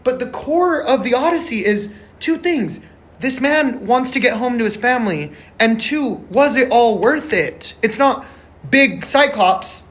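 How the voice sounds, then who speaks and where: A male vlogger reviews a film in a casual monologue to camera, ranting off the cuff with passion and frustration. He rambles, swears freely and is restless and emphatic, his very high-pitched voice expressive, unhurried and fairly bright.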